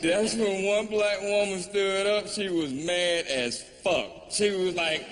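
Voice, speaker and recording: A man doing stand-up comedy, telling a story in a wry, drawling way with pauses. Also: high-pitched, fairly bright tone. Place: live comedy venue, large hall. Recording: live hall reverb, faint ambience.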